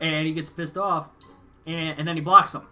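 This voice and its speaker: A man with a fairly high, bright, forward voice chats on a podcast. He tells long, rambling stories and laughs often along the way. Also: fairly even intonation, moderate pace, soft background music. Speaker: podcast co-host. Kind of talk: casual chat.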